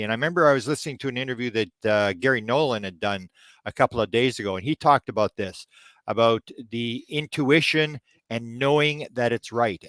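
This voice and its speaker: An older man from Canada, a ufology researcher telling stories in an interview, halting with fillers and then jumping high as he acts out his own disbelief. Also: a bit bright, dry recording. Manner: frequent fillers and restarts. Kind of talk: storytelling in a podcast interview.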